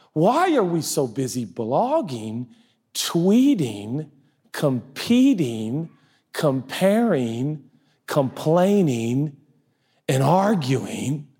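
Brief: male pastor preaching, lively swooping delivery, high voice. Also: slightly rough. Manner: animated, joking, rhetorical questions. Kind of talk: sermon.

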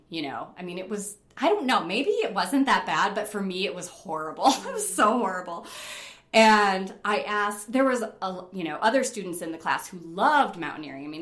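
A middle-aged woman from upstate New York telling stories in a casual interview, animated, laughing often and using lots of fillers. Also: on the low side, echoey room. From Rochester, New York. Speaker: interview guest, rock climber.

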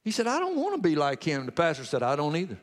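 A man's voice: on the high side, huge pitch swings, quick pace, big-room sound. A man preaching a sermon, retelling a convert's testimony in story form and exhorting the congregation.

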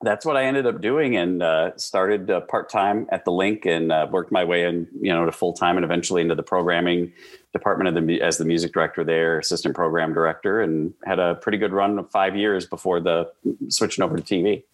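A man from the American Midwest, a guest in an interview, telling stories in a casual, animated way with lots of fillers. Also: low voice, brisk. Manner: animated, lively storyteller with frequent fillers. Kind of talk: casual conversational storytelling.

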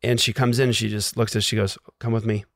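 A man sharing a personal faith testimony, acting out the dialogue and dropping to a hush at tense moments. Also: fairly low pitch, little pitch movement, fast talker, vocal fry, no echo, studio quality. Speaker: guest telling a personal story.

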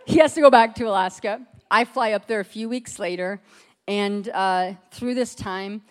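Animated woman telling a personal story. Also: medium pitch, normal speed. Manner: lively storyteller acting out quoted voices, laughs often. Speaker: speaker telling her story to a group.

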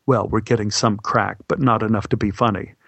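A man's voice: on the low side, fairly even intonation, a little fast, gravelly, fairly bright tone, breathy edge, dry recording, exaggerated voice. A man voicing a fussy, blunt male costume designer who talks in an offhand murmur.

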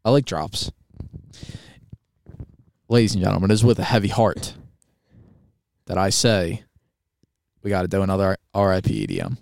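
A man's voice: sits low, lively intonation, moderate pace, gravelly, pauses often, a little mellow, no echo. A man hosting a podcast in casual chat, goofy, joking around and swearing. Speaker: podcast host.

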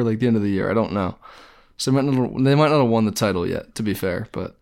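A man's voice: on the low side, quick pace, creaky, a little mellow. A man co-hosting a casual podcast, laid-back and rambling with fillers. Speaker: podcast co-host. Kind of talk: casual sports podcast chat.

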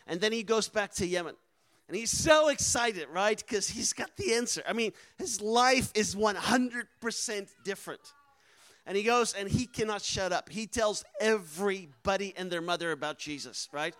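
A man with a high, light voice tells a mission-field story in a lively storytelling style. He speaks with animated energy and pushes up to loud, emphatic moments. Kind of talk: storytelling sermon.

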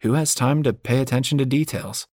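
A man's voice: medium pitch, brisk, darkish tone, no room sound, clean studio sound. A man reading a first-person audiobook in a wry, self-mocking storytelling manner. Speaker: audiobook narrator.

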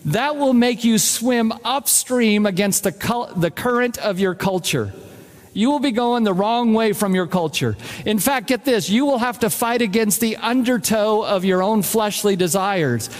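High-voiced man preaching in a reverberant hall. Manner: emphatic, repeats key phrases, addresses congregation directly. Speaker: pastor. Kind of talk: sermon. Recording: long reverb of a large hall.

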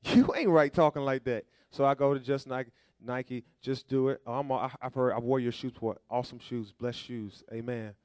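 A man's voice: mid-range voice, steady tone, moderate pace, hardly any pauses, darkish tone, smooth, dry recording, clean studio sound. Man preaching with call-and-response. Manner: call-and-response preaching, asking the congregation to fill in words; folksy, conversational storytelling. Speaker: pastor. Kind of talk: sermon.

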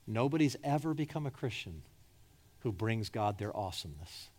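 A man preaching a sermon with passion. He swings between loud, urgent pleading and soft, hushed lines, and he repeats words when he presses a point. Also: lowish voice, expressive, normal speed. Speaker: pastor.

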